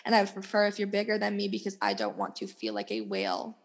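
A woman's voice: mid-range voice, very animated, fast, gravelly. A young woman in her twenties hosting a casual solo podcast, talking candidly with lots of "like" fillers and laughter. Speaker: podcast host. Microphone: podcast mic.

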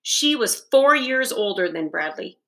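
A woman reads a children's novel aloud in a steady, deliberate storytelling voice. She goes very slowly, and her tone is bright and forward. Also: mid-range voice, creaky, a little hiss or hum. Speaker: reader.

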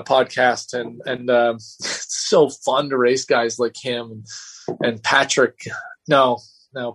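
A man's voice: medium pitch, fairly bright tone, breathy edge. A man being interviewed, a race car driver telling stories in a loose, rambling way with many restarts. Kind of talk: casual storytelling interview.

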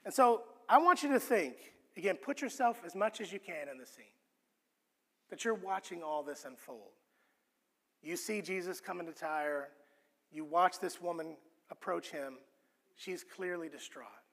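A man preaching a sermon, earnest and expressive, often restarting his words as he teaches. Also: high-pitched, measured pace, big-room sound. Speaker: pastor.

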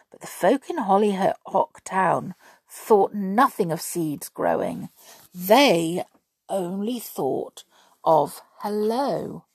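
A woman reads a children's story aloud with expressive, dramatic delivery, gasping and whispering for effect. Her voice is gravelly and a little husky. She reads slowly, in a dry, close sound. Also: medium pitch, no room sound.

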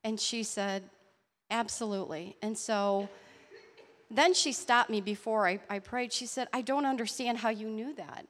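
A woman telling a personal faith story in an earnest, halting way. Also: on the high side, fairly even intonation, in a large hall. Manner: earnest, halting storytelling with restarts and soft laughs. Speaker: church member sharing a testimony. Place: church hall.

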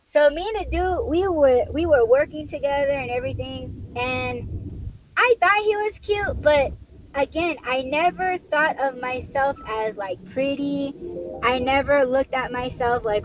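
A woman's voice: high voice, expressive, measured pace, soft background music, poor audio. A young woman, a podcast host, telling casual stories while driving deliveries, chatty and laughing often with lots of fillers. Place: in a car. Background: faint vehicle noise.

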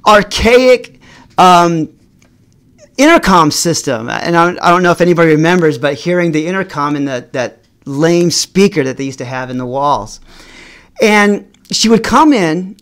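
A middle-aged man vlogging, telling a personal story to camera in an animated way, slowing down for emphasis and often restarting and repeating words. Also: sits high.

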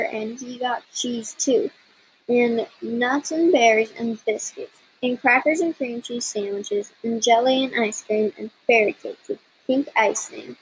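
A woman's voice: on the high side, slight background noise, rough recording. Woman reading a picture book aloud. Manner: expressive storytelling, soft and slow in places. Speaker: story reader.

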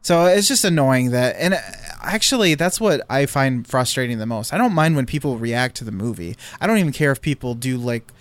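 A man's voice: medium pitch, animated, fairly quick, hardly any pauses, no echo. A man telling a long story in casual chat, rambling with fillers and restarts.

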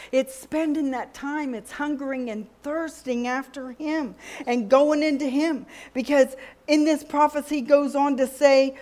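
This middle-aged woman's sermon is built on storytelling, and she dramatizes what God and others said to her. Her voice is high-pitched with a darkish tone.

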